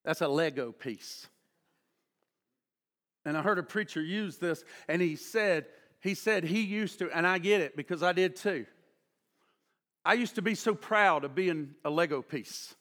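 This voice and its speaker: High, bright-voiced preacher man. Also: a little slow, pauses often. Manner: dynamic preaching, swings from loud emphatic to hushed. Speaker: pastor. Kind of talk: sermon.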